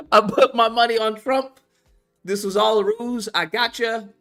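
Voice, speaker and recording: A man hosting a live stream, reacting with animated, profane talk and sudden shouted outbursts. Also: extremely high pitch, slow pace, faint music behind. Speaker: streamer host.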